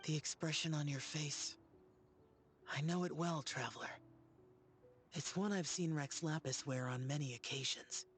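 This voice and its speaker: A man voicing an earnest young male companion for a game, gentle and reassuring. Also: on the high side, normal speed, long pauses, natural voice.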